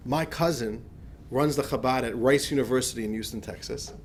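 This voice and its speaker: A man, a rabbi, tells a personal anecdote to a class in a lively, conversational way, restarting phrases as he goes. His voice sits at an ordinary pitch for a man. A faint low rumble runs under the recording. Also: fast. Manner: animated anecdotal storytelling with many restarts. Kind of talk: storytelling lecture.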